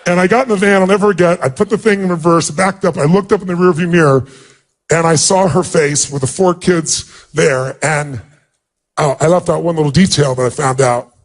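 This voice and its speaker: A man's voice: fairly high pitch, a little fast. Earnest man telling a heartfelt story. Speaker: motivational speaker. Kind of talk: personal storytelling talk.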